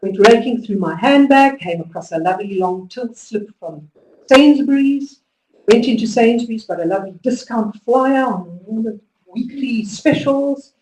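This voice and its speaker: A woman giving a conference talk to teachers, telling stories with lively emphasis and driving home instructions. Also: a little high, normal speed, slight background noise. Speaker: conference speaker. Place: conference hall. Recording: echoey hall, distant mic.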